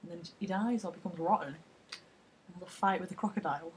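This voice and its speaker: A woman's voice: fairly low pitch, quick pace, a little hiss or hum. A young woman, chatting casually and retelling a film plot in a rambling, sweary, giggly way. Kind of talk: casual comedic chat.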